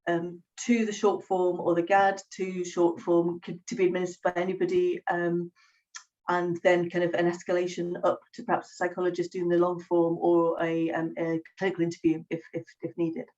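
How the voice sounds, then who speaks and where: Woman psychologist, thoughtful and pausing, video call sounding dull and far off. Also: lowish voice, monotone, darkish tone. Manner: measured, many pauses and fillers. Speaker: psychologist and webinar host. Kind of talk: professional discussion on a video call. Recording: distant, dull lo-fi call audio.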